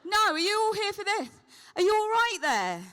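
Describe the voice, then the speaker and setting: A woman with a high voice teases a live convention crowd in quick comic banter. Her tone is bright and forceful, and she speaks into a handheld microphone from the stage. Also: big pitch swings. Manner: teasing, playful comic patter. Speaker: celebrity convention guest.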